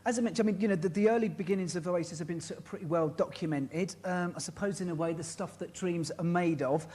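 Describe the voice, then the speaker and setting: A man's voice: high voice, fast talker, darkish tone, breathy edge. A man hosting a television interview, asking hesitant, filler-laden questions.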